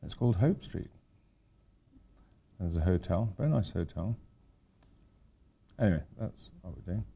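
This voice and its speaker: A man's voice: low voice, lively intonation, a little slow, vocal fry, warm tone, husky. An older man, an architect giving an informal lecture, rambling through anecdotes with wry asides.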